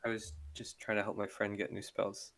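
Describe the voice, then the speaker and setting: Man tabletop player, somewhat low voice, earnest and quick. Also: monotone, creaky, a bit bright. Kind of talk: tabletop game chat.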